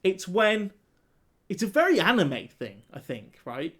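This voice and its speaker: A man co-hosting a casual film review chat, animated and laughing as he acts out scenes. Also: high-pitched, a little slow. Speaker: podcast co-host.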